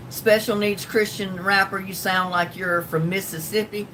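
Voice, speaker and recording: A woman's voice: fairly even intonation, normal speed, a bit bright. An older woman with a North Carolina Southern drawl, chatting casually and rambling on her livestream as she answers viewers. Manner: rambling, folksy, with frequent ums and laughs. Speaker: livestream host. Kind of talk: casual livestream chat reading comments. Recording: distant mic with faint rumble.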